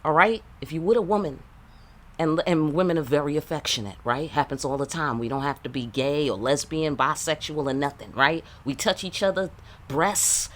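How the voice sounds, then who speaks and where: In a casual channeled reading, a female tarot reader hands out blunt, profane relationship advice, tossing in rhetorical questions and streetwise asides. Her voice sits low and she keeps a moderate pace.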